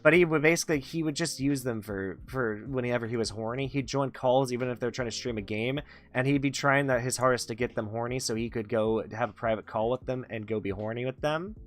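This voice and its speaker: A man's voice: mid-range voice, brisk. A young man hosting a talk show, speaking casually and in a loose, rambling way. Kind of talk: casual chat.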